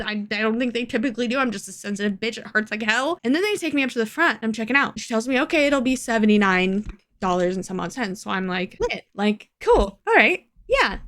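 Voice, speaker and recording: A woman's voice: a little high, a bit bright. A young adult woman telling a personal story in a casual vlog, candid and sweary, laughing as she vents. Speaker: vlogger.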